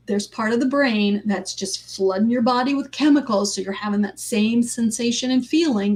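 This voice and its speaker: A woman life coach giving a casual live talk, telling personal stories with frequent ums and 'right?' asides. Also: a little high. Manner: conversational, lots of ums and 'right?' tags.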